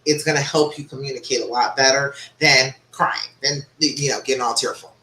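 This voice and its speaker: Woman, relationship coach, bright tone, chatty and encouraging, echoey room, faint background hum. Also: rumbling low, steady tone, moderate pace. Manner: chatty, encouraging, frequent "okay?" check-ins. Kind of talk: live-stream advice and reading viewer comments.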